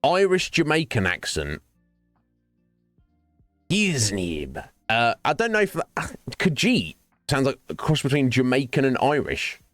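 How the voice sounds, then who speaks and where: A man's voice: medium pitch, very animated, moderate pace, a bit bright, no room sound, soft background music. A man chatting casually with viewers during a game stream, rambling from topic to topic. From United Kingdom. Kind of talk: casual chat while gaming.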